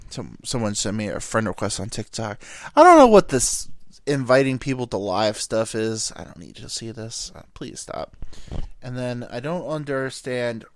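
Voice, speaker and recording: A man's voice: medium pitch, dry recording, studio quality. A young man hosting a podcast, telling stories in a rambling comedic monologue with stammered restarts and casual swearing. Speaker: podcast host.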